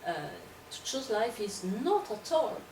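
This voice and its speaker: A woman's voice: on the high side, lively intonation, measured pace. A woman lecturer answering questions in an academic discussion, hesitant and repeating words as she searches for her phrasing. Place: lecture hall. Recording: echoey room, distant mic, background noise.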